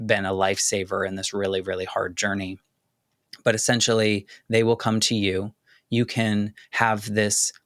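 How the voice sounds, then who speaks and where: A man hosting a podcast, speaking candidly and haltingly about a painful loss, choking up at times. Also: lowish voice, fairly bright tone, no echo, studio quality. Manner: candid, halting, with many restarts and "like" fillers. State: choking up with emotion. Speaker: podcast host. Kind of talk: personal reflective monologue.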